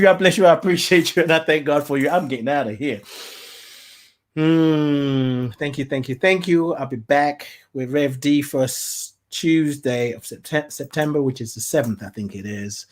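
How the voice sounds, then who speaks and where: With a medium pitch and a moderate pace, this podcast host delivers a casual spiritual talk that is heartfelt and preachy. Now and then the host breaks into animated rants and offers the listener blessings.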